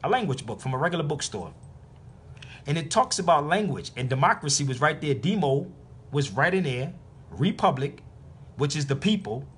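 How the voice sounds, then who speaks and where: A man's voice: on the high side, big pitch swings, moderate pace, fairly bright tone, a little hiss or hum. A man hosting a live internet radio stream, lecturing in an emphatic, preachy way and repeating his points.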